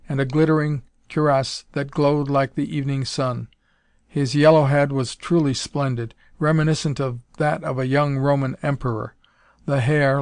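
Reading from an adventure novel, this audiobook narrator keeps a calm, even rhythm throughout his scripted narration. He speaks at a medium pitch, captured at studio quality with no room sound.

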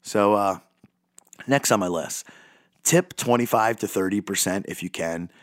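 A man's voice: on the low side, a little slow, no room sound, studio quality. A man hosting a podcast, talking in a rambling, self-deprecating, goofy way. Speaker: podcast host. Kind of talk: casual monologue.

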